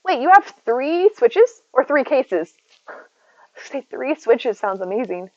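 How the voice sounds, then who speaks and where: A woman in the United States streams indoors from home, chatting and rambling as she reads and answers viewers' messages by name. She speaks slowly in a high, sing-song voice. The recording is dry, with the highs cut off.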